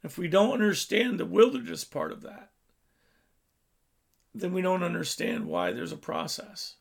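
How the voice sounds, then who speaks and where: A man preaching a sermon, telling a story with his voice swelling loud and dropping low. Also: lively intonation, measured pace, gravelly, breathy edge.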